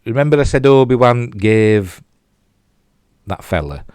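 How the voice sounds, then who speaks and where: Unhurried and animated, an older man with a Yorkshire accent reviews a TV episode, replaying clips and rambling with fillers and jokes at his own expense. His mid-range voice is a little mellow, clear and resonant, with no room sound.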